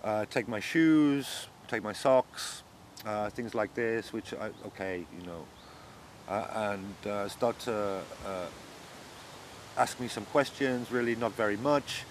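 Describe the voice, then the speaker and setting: A man's voice: fairly low pitch, takes it slowly, slight background noise. A man being interviewed, giving an earnest and shaken first-person account of his arrest, growing agitated as he goes on. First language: not German.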